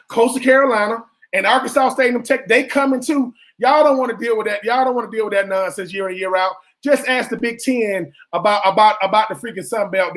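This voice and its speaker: A man's voice: sits high, a bit bright. A man co-hosting a sports radio show, a former college football player making his case with emphatic, repeated points.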